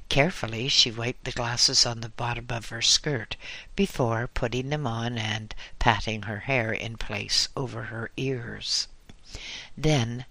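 Slow bright-voiced male storyteller. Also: medium pitch, no room sound. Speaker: narrator. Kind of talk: storybook reading.

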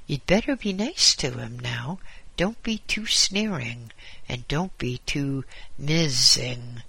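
A man's voice: medium pitch, lively intonation, takes it slowly, creaky, bright, forceful tone, slightly rough, heavily acted. A man voicing a genial, teasing old male angel who keeps the gates, folksy and chuckling, in a storybook reading.

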